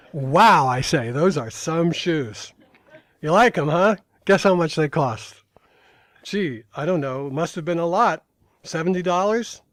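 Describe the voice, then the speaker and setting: A man's voice: mid-range voice, no room sound. An older man reading aloud from his own memoir at a live talk, in dry storytelling with brief asides to the audience.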